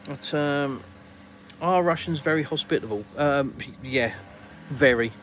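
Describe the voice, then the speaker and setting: A man's voice: a little high, measured pace, a bit bright, slight background noise, low-quality recording. An English man hosting a casual live stream outdoors in a garden, rambling and colloquial as he reads viewers' comments aloud. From England.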